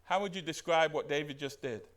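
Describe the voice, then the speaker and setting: Guy preaching a sermon, pretty high voice, keeps asking the church stuff. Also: a little fast. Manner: animated, asks the congregation questions. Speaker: pastor.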